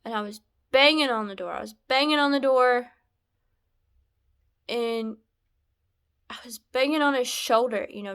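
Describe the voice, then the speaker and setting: Slow, soft-spoken woman telling her story. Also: a little high, clean tone. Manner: halting, soft-spoken, drops to whispers at times. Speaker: vlogger sharing a personal story. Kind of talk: emotional personal testimony.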